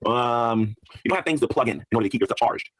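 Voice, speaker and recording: A man's voice: medium pitch, quick pace, fairly bright tone, slight background noise. A man talking on a livestream clip, rambling and exasperated. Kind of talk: rambling stream talk.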